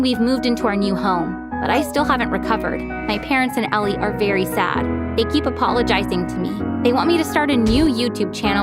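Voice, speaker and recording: Woman, scripted storytime narration, brisk, expressive, fairly high voice, clear background music. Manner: brisk, expressive first-person telling.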